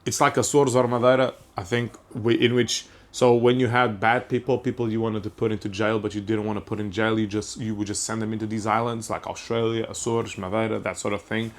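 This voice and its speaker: A man's voice: lowish voice, flat delivery, fairly quick, hardly any pauses. Rambling man musing on a podcast. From Portugal. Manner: rambling, self-interrupting, swears casually. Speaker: podcast host. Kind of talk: casual comedic monologue.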